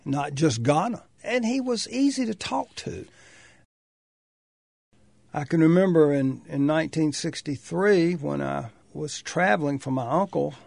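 Gravelly older man reminiscing. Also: fairly high pitch, a little mellow, dry recording, studio quality. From North Carolina, US. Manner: measured, thoughtful, with pauses and restarts. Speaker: oral history interviewee. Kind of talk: reflective personal reminiscence.

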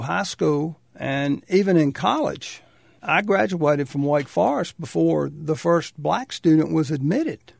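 An older man from North Carolina, thoughtfully recalling his past in a measured, pausing way. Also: a little high, gravelly, no room sound, studio quality. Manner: measured, thoughtful, with pauses and restarts. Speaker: oral history interviewee. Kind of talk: reflective personal reminiscence.

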